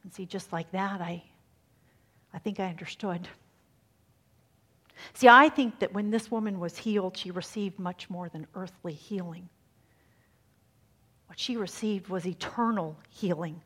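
Woman preacher, husky tone, shifts from hushed near-whispers to strong emphasis. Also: lowish voice, a little slow, pauses often. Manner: dramatic, swings from hushed to emphatic. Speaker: speaker giving a faith talk. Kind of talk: sermon.

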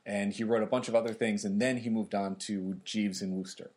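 A man co-hosting a podcast, casually talking through historical events in a relaxed, explanatory way. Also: fairly low pitch, fairly quick. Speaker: podcast co-host.

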